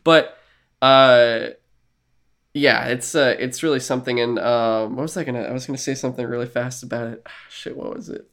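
A man's voice: medium pitch, fairly even intonation, normal speed, a bit bright. A man co-hosting a podcast in casual chat, rambling and joking with casual swearing. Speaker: podcast co-host.

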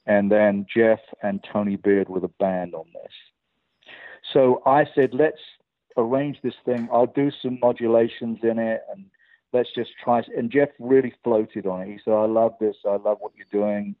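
An older man with an English accent, a guest telling lively anecdotes and acting out the dialogue of the people in them. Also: fairly low pitch, normal speed, no echo, phone-quality sound. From England. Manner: lively storyteller who acts out quoted dialogue with many restarts. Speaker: guest, record producer and guitarist.

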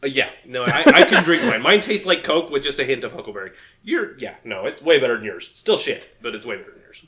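A man's voice: medium pitch, sing-song, quick pace, bright, forceful tone. A man co-hosting a casual podcast, sardonic and griping, swearing freely. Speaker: podcast co-host. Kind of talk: casual chat.

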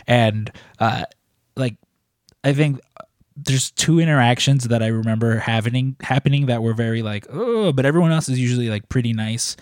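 A man's voice: medium pitch, moderate pace, no room sound, studio quality. A man in casual chat, telling stories in a rambling way, full of filler words. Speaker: wrestling merchandise shop employee asking questions.

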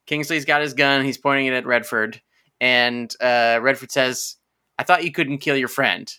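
A man's voice: mid-range voice, fairly even intonation, normal speed, bright, forceful tone, smooth. A man co-hosting a casual movie podcast, laughing and swearing freely as he talks through scenes. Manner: laughing, swearing, self-deprecating. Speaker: podcast co-host. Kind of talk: casual film discussion.

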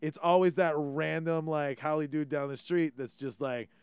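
A man from Hawaii, hosting a casual podcast chat in an animated, swearing way. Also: fairly high pitch, normal speed, clear, resonant tone, dry recording. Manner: animated, swearing, many restarts. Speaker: podcast host.

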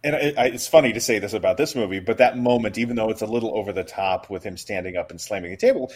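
A man with a low, husky voice talks eagerly about performances and scenes in a casual podcast chat. His tone is warm with admiration. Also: fast. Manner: enthusiastic, fond of film acting. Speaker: podcast co-host. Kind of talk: casual film discussion.

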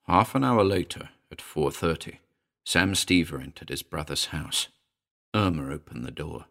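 A man narrating a short horror story in a dramatic reading, moving between hushed and urgent delivery. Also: very deep voice, expressive, moderate pace, creaky.

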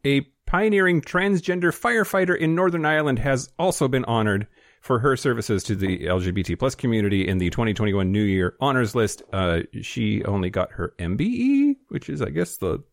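Lively-pitched man reading news, dry studio. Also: brisk, creaky, no echo. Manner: blunt, profane, sarcastic. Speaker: podcast co-host. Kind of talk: casual chat, reading news.

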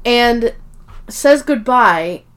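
A woman's voice: a little high, expressive, very slow. A woman co-hosting a podcast, casually recapping a show and rambling through scenes with swearing. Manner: rambling, swears, quotes characters. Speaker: podcast co-host.

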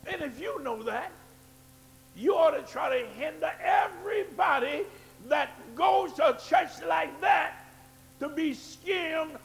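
A man preaching in church with a very high, gravelly voice. He drops into low asides, then builds to shouted, fervent climaxes. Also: animated, takes it slowly. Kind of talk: sermon.

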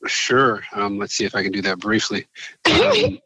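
A man in his forties, originally from Nigeria and now, guesting on a radio interview and talking in a halting way with many restarts. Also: fairly low pitch, huge pitch swings, pushed and bright, husky, dry recording, low-quality recording. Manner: halting, many restarts, laughs while telling stories. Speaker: filmmaker guest.

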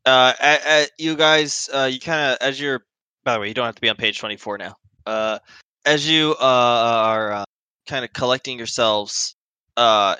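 A man narrating a tabletop horror game as game master, halting often with fillers as he describes scenes. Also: mid-range voice, bright, forceful tone, clean tone, no room sound. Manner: hesitant, halting with many fillers.

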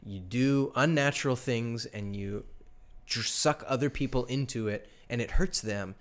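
A young man co-hosting a casual faith talk, animated as he tells stories and acts out quoted exchanges. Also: mid-range voice, unhurried. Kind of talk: casual chat. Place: live stream studio.

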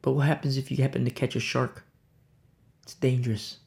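A man's voice: mid-range voice, little pitch movement, a little fast, vocal fry, darkish tone. A man pastor giving a conversational sermon, stressing points through repetition.

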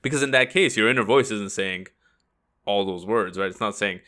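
A man's voice: lowish voice, a little fast, pushed and bright. A man co-hosting a podcast, talking casually and rambling with lots of fillers. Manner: conversational, rambling with many fillers. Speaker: podcast co-host.

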